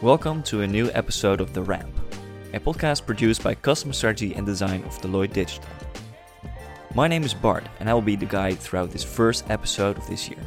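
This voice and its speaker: A man hosting a podcast, giving a calm, scripted introduction. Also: fairly low pitch, brisk, over music. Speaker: podcast host.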